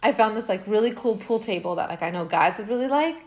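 A woman's voice: medium pitch, animated, fast talker. A woman in her thirties co-hosting a podcast, chatting casually and laughing often as she tells stories. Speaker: podcast co-host. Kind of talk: casual chat, storytelling.

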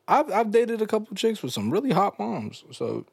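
Lively laughing young man podcaster. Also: high-pitched, normal speed, vocal fry, breathy edge, no room sound, studio quality. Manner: animated, laughs often, slangy and crude. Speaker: podcast host reading listener stories. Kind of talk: casual comedic podcast chat.

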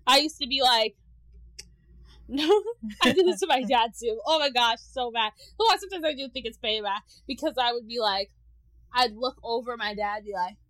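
A woman's voice: fairly high pitch, brisk, fairly bright tone, low-quality recording. A young woman co-hosting a podcast, chatting casually with lots of giggles and slang. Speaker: podcast co-host. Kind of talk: casual chat.

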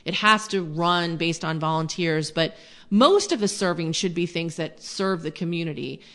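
Low-voiced woman teaching on a faith podcast. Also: expressive, normal speed, a bit bright. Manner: earnest, conversational, with many fillers. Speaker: podcast host.

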